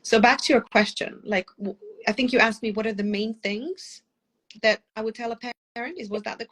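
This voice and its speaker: A woman's voice: fairly high pitch, fairly bright tone. A middle-aged woman, a parenting coach, talking passionately and at length in a podcast interview while she has a cold. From former lawyer living in London. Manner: passionate, fast, tangent-prone.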